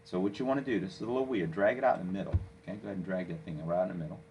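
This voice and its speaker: A man walking a listener through software step by step, coaching and checking in with "okay?" as he goes. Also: sits low, racing, lo-fi sound, a little hiss or hum. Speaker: software instructor. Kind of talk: screen-recorded software tutorial.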